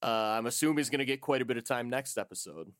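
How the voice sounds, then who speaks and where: A man co-hosting a podcast in casual chat, excitable and quick to laugh, swearing freely. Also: mid-range voice. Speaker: podcast co-host.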